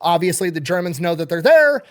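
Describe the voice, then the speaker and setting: A man's voice: high-pitched, very animated, fairly quick. A man hosting a casual, comedic retelling of history in a profane, wisecracking, conversational way. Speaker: host.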